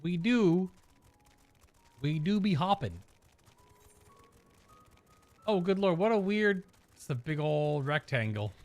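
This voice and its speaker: Man, let's play commentary, jokey reactions, reads quest text aloud, bouncy intonation, slightly high voice. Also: lively intonation, takes it slowly, long pauses, darkish tone, soft background music. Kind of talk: casual gaming commentary.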